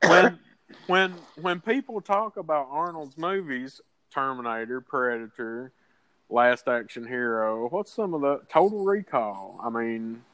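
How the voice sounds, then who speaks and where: A man hosting a podcast in casual chat, halting and restarting, swearing casually. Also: medium pitch, fairly bright tone, dry recording, poor audio. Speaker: podcast host.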